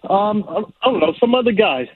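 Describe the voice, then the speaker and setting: A man calling in to a sports radio show, insistent and combative, with a raspy voice. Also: high voice, lively intonation, fairly quick, crowd noise. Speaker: caller. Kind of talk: phone-in call. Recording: tinny phone line.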